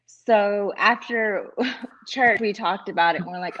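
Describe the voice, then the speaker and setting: A woman's voice: mid-range voice, takes it slowly, a bit bright, muffled recording. A woman co-hosting a casual chat show who laughs as she tells stories. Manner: laughs while telling stories.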